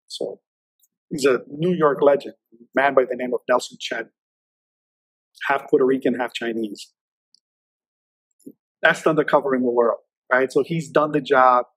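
Man, fifties, interview guest, casual filler-heavy storytelling, dry close sound, breathy edge. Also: medium pitch, dry recording, low-quality recording. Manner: loose, filler-heavy, repeats words. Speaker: federal agent guest.

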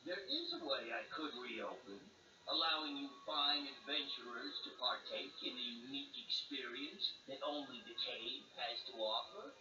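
A man's voice: medium pitch, lively intonation, normal speed, dull audio, noisy background, lightly acted. A man voicing a nervous, stammering shopkeeper who keeps pushing a sale. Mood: jittery pitch. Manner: stammering, salesman-pushy. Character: nervous fast-talking male souvenir-shop keeper. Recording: distant roomy game audio with music.

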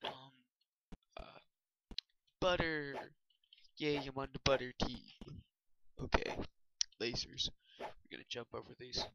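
A man's voice: medium pitch, lively intonation, slow, gravelly, pauses often, bright, forceful tone, dry recording. A man giving rambling, hesitant let's play commentary with lots of fillers, on a dull lo-fi recording with noise and mouse clicks. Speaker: gamer.

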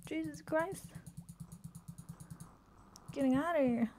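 A woman streaming a game live, chatting excitedly and swearing, sick with a headache. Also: high-pitched, slow pace, a little hiss or hum. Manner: excitable, swears often, laughs, trails off. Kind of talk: live gameplay commentary.

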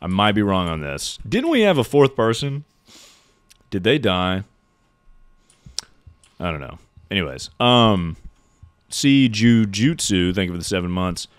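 A man's voice: lowish voice, big pitch swings, unhurried, long pauses, smooth, no room sound. A young man streaming a horror game live, joking loosely and reading out chat. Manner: jokey, reacts to chat and thanks subscribers.

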